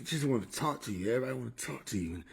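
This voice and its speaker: A man's voice: medium pitch, animated, very fast, creaky, husky. A man casually chatting on a livestream into a desk microphone, joking, swearing and laughing often. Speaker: streamer.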